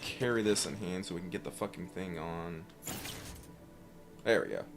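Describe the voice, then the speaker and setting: A man streaming a game and chatting casually, rambling and swearing with sudden excited outbursts. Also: deep voice, moderate pace, creaky. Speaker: let's play streamer. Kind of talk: casual gameplay chat. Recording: game music underneath.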